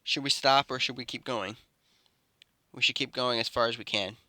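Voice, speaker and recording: A man voicing a gentle, protective young male hero, speaking softly and earnestly in an improvised fan story. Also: medium pitch, steady tone, normal speed, no room sound, clean studio sound.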